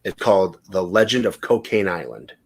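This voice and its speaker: A man's voice: deep voice, sing-song, normal speed, breathy edge. A man hosting a casual podcast, telling rambling stories and swearing freely. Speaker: podcast host.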